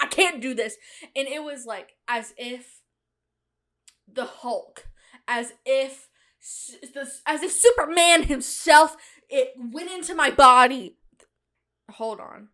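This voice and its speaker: Her slightly high voice sounds pushed and bright, animated yet unhurried. She's a young podcast host telling a rambling, self-mocking comic tale on her own show, bubbly and frequently laughing through the casual monologue.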